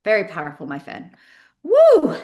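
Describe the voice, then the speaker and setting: A woman's voice: mid-range voice, moderate pace. Woman, host, online training, enthusiastic, encouraging, casual chat. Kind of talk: casual live call.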